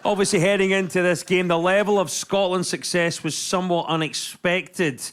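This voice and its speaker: A man hosting a comedy news quiz, brisk and bantering with the panel. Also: high voice, fairly even intonation, a bit bright, clear, resonant tone. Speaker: quiz show host.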